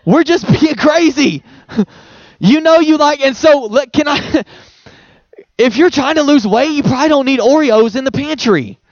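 High-voiced man preaching casually. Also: expressive, normal speed, no echo, highs cut off. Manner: conversational, playful, uses folksy examples. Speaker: pastor. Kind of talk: sermon.

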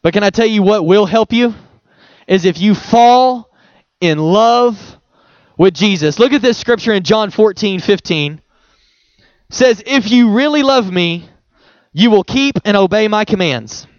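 A young man preaching a sermon to a church audience, talking conversationally with rhetorical questions and quick chuckles. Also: sits high, animated, no echo, dull audio. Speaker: pastor.

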